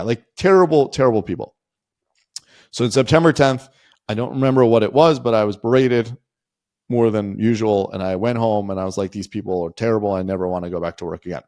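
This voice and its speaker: Low-voiced man telling a personal story. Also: a little mellow, dry recording, clean studio sound. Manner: rambling, frequent "like" and "you know" fillers. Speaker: podcast guest.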